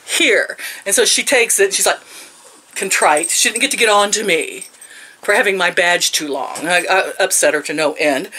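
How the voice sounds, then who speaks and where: A woman's voice: medium pitch, sharp tone. A woman in her sixties telling a story in a casual rant, sarcastic and laughing often. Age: 60s. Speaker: vlogger.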